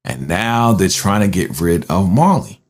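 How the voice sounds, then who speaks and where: Man, lowish voice, casual movie recap host, animated storyteller, keeps checking in with the listener. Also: a little slow. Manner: animated storytelling, frequent "right?" tag questions.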